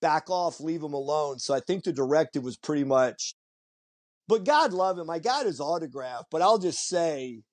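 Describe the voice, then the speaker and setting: A man hosting a casual podcast chat, telling stories with lively acted-out quotes. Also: on the high side, moderate pace, no echo. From Virginia Beach, US. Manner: animated storyteller who acts out quoted voices. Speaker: podcast host. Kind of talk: casual conversation.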